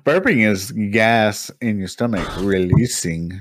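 A man's voice: fairly low pitch, animated, a little slow, dry recording. A young man co-hosting a podcast in casual chat, teasing and constantly interrupting. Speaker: podcast co-host.

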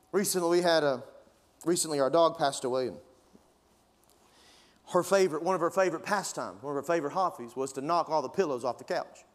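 A man's voice: fairly high pitch, brisk, long pauses. A man preaching a sermon as pastor, fervent and conversational, pushing his emphasis upward. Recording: long reverb of a large hall.

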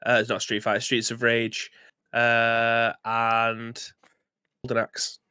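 A man with a mid-pitched voice, trading jokes with his co-host on a live stream. He laughs easily as he talks. The recording is dry and close. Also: completely flat delivery, sharp tone, clean tone, dry recording. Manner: jokey, quick to laugh. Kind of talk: casual live-stream chat.

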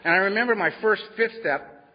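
A man sharing his own story at a workshop, animated and wry, often laughing as he talks. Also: high-pitched, fairly quick. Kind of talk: personal storytelling talk to a live audience. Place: meeting hall at a workshop. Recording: dull lo-fi with long hall echo.

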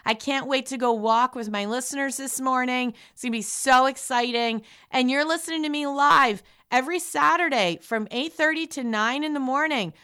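A woman's voice: sits high, moderate pace, hardly any pauses, sharp tone, smooth. A middle-aged woman hosting a radio show, delivering an upbeat, emphatic motivational talk.

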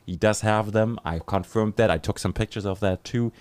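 A German-accented man hosts a live podcast. He talks in a low-pitched, upbeat way, hyping his sponsors and guests. The sound is close and dry. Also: normal speed, a little mellow, smooth, dry recording. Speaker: podcast host. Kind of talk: live podcast chat and read ads.

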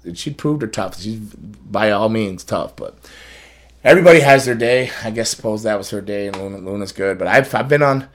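Rambling low-voiced man telling stories. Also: fairly quick. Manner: rambling, restarts often, laughs through stories. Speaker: podcast host. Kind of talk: casual storytelling chat.

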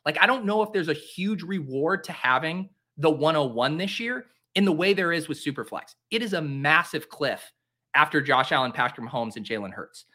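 A man's voice: on the high side, expressive, normal speed, bright, forceful tone. A man in his late twenties, a podcast host from the Boston area, giving casual live commentary, rambling, joking and breaking into theatrical, self-pitying rants.

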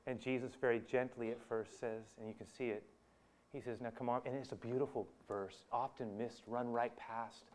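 Male preacher, conversational sermon, animated storytelling, chuckles, talks straight to the congregation. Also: medium pitch, normal speed. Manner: animated storytelling, chuckling, addresses listeners directly.

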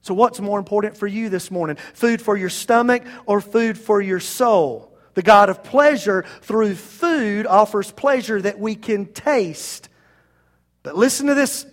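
High-voiced man preaching a sermon. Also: unhurried. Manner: conversational, emphatic preaching with direct appeals to the congregation. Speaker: pastor.

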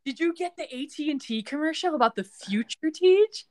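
An excitable woman co-hosts a podcast, recapping a TV episode with sarcasm and the odd curse. Her voice sits a little high for a woman, and she talks in a loose, chatty way. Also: normal speed. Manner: excitable, sarcastic, swears freely. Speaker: podcast co-host. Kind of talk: casual chat recapping a TV episode.

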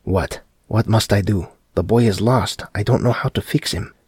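A man voicing a frightened uncle and father who speaks in a hushed voice with broken English in a dark audiobook story. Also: lowish voice, normal speed, husky, dry recording, clean studio sound. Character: shaken older uncle, protective husband and father.

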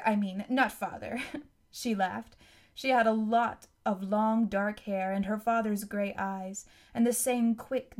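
A woman reading a novel aloud as narrator, in a steady, even storytelling manner. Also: medium pitch. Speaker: audiobook narrator. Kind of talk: scripted narration.

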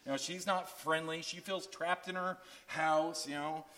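A man delivers a sermon in a slightly raised voice. He tells a story and acts out each person's lines, rising high for the excited parts and dropping low for the heavy ones. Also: measured pace, a little hiss or hum. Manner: storytelling with acted-out voices, animated swings in pitch. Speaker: pastor.

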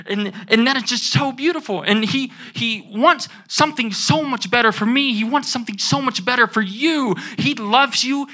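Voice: medium pitch, animated, moderate pace, pushed and bright. A young adult student giving an earnest sermon, repeating key phrases and asking the audience to say them back. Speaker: student speaker.

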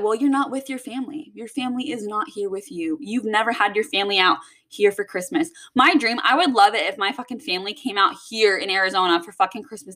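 Young woman vlogger, bright and sharp tone, rambling casual venting full of cussing. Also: medium pitch. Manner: rambling and heavy on swearing.

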